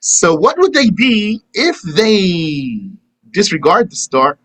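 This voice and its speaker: A man's voice: sits high, very animated, slow, a bit bright, poor audio. A man teaching a live religious lesson and answering questions, talking conversationally and acting out imagined back-and-forth dialogues. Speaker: Islamic teacher.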